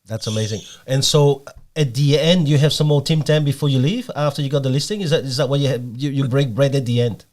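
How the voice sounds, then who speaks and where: A male podcast host speaks in a casual, encouraging way, praising his guest as he wraps up. His voice has an ordinary middle pitch. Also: fast, few pauses, darkish tone. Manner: encouraging and complimentary.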